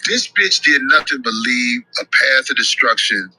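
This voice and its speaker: A man on a podcast ranting bluntly, full of profanity and animated delivery. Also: medium pitch, normal speed, breathy edge, no echo, poor audio. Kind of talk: heated podcast rant.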